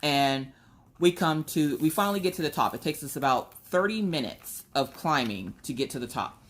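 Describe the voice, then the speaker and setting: Woman, young adult, casual host at home; animated storyteller who plays her own quotes higher. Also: moderate pace. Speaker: crafting channel host.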